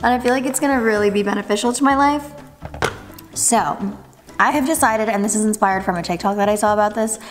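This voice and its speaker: A woman's voice: mid-range voice, quick pace, soft background music. Young woman, twenties, casual vlog chat, upbeat, chatty, filler words, indoors at home. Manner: chatty, upbeat, says "like" and "literally" often. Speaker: vlogger.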